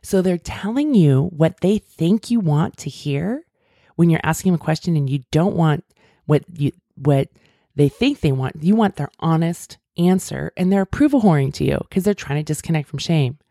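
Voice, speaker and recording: Middle-aged lady coaching on a podcast, gravelly low-key voice, dry close sound. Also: animated, moderate pace, warm tone, no room sound. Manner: earnest, wordy, coaching tone. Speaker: podcast host. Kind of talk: casual self-help talk.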